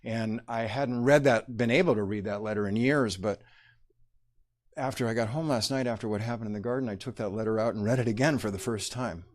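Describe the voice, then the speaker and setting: A deep, low-pitched man in middle age tells a personal story to an audience. He speaks haltingly, pausing and reaching for words as he reflects. His voice carries emotion and stays close to tears. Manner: halting, reflective, many pauses and fillers.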